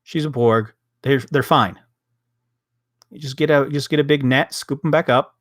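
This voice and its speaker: A young man co-hosts a casual review chat, ranting, swearing and acting out lines in quick bursts. His pitch sits in the middle of the male range. The recording is dry and close, with no room sound. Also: dry recording. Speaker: podcast co-host.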